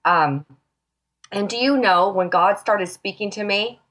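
A woman's voice: medium pitch, unhurried, fairly bright tone. Passionate woman giving a Christian testimony. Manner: passionate, emphatic, near tears. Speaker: talk show guest.

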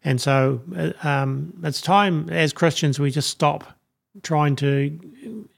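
A man's voice: a little high, takes it slowly, vocal fry. A man hosting an interview show in an easygoing, casual way. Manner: easygoing, wraps up with thanks. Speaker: podcast host.

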